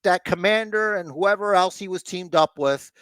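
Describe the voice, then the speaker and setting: A man's voice: high voice, normal speed, fairly bright tone, clear, resonant tone, dry recording. A man hosting a casual podcast chat, rambling, blunt and sometimes profane. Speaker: podcast host.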